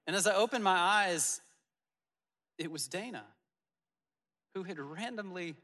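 A man preaching as a pastor, telling personal stories in an earnest way with soft asides. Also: sits high, unhurried, big-room sound. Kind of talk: sermon. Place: church auditorium.

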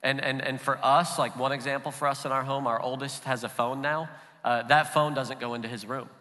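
A man pastor giving a sermon in a relaxed, conversational way. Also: mid-range voice, brisk, long reverb tail. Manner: relaxed and conversational, with light laughs. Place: church auditorium.

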